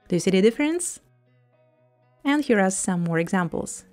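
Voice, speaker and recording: Woman, English teacher, mid-pitched, lively delivery that slows for pronunciation drills, faint music behind. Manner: lively, acts out example dialogues. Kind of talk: English lesson.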